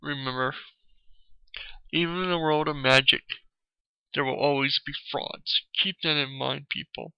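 A man's voice: a little high, fairly even intonation, measured pace, long pauses, clean tone, no echo, lo-fi sound. A man in an angry, profane video rant, repeating "you know" as he vents. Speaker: vlogger. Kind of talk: angry ranting video commentary.

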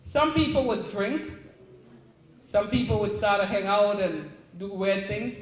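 A middle-aged woman with a Caribbean English accent, an author speaking to a live audience at a book signing in a chatty, animated way. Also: mid-range voice, a little slow, recorded from a distance. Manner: chatty, animated storytelling with restarts. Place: event room. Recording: echoey room.

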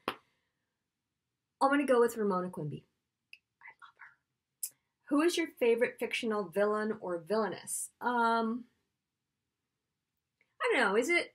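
A middle-aged woman author answering a list of questions in a chatty, playful, self-deprecating way. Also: fairly high pitch. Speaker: children's author. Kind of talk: casual spontaneous Q&A video.

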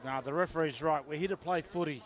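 Rugby co-commentator guy, high voice, chatty quick takes, bit of crowd noise. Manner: chatty, reacts with quick opinions on the play. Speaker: expert co-commentator. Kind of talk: live sports commentary.

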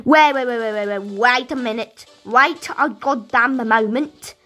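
A British woman giving rambling, excitable let's-play commentary as a gaming YouTuber, talking to her viewers. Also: fairly high pitch, a little slow, faint music behind.

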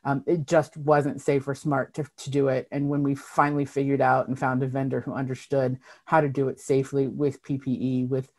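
A woman's voice: very deep voice, level tone, moderate pace, few pauses, a little mellow. A woman who chairs a state party, answering members' questions on a video call in an earnest, emphatic way, with frequent ums and restarts.

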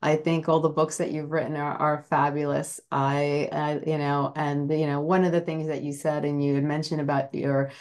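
A woman's voice: sits low, level tone, normal speed, few pauses, a little mellow. A woman hosting a podcast interview, talking earnestly and rambling with many fillers. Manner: rambling, full of "you know" fillers; earnest and admiring. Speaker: podcast host. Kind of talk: casual interview chat.

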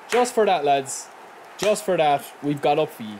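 A man from the giving excitable, frustrated live commentary on a football video game, talking to his viewers as lads. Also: on the high side, moderate pace, slight background noise. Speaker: gaming YouTuber.

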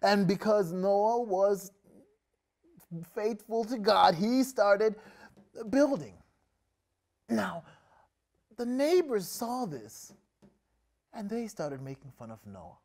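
Chatty, unhurried woman storyteller for kids, big pitch swings. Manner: casual, chatty, expressive. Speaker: children's storyteller. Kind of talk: animated storytelling.

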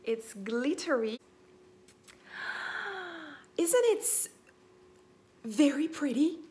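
High, slow, gushing woman vlogger. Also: a bit bright, slight background noise. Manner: enthusiastic, gasps and laughs often. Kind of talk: casual vlog chat.

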